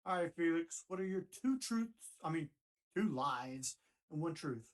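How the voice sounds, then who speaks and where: A man hosting a casual talk show, relaxed and agreeable as he moves things along. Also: fairly high pitch, measured pace. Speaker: podcast host. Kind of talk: casual chat.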